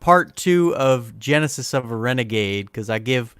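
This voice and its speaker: A man's voice: mid-range voice, expressive, moderate pace, a bit bright, clean tone, dry recording, studio quality. A man being interviewed casually as a comic book creator, laid-back and a bit hesitant.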